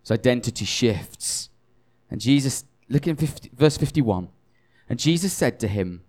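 Casting: tired male preacher, mid-pitched voice, chatty and self-mocking, lots of restarts. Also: lively intonation, normal speed, darkish tone. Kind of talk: conversational sermon.

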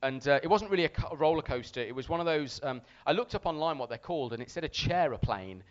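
A man preaching a sermon to a congregation, telling a story with animated, shouted re-enactments. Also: on the high side, fast talker, muffled recording.

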